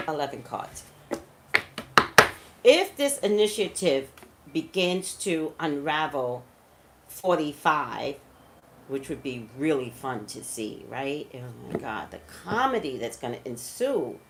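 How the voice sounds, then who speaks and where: A woman's voice: low-pitched, very animated, takes it slowly, pauses often, background noise. A woman, a psychic reader, talking emphatically straight to her viewers in casual live-stream commentary.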